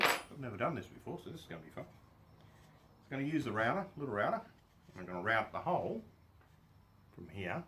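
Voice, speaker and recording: A man's voice: mid-range voice, heavy background noise. A man, chatting casually and jokingly while he works on a woodworking project, often laughing at himself. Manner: jokey, chuckling, self-deprecating. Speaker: woodworking vlogger. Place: home workshop.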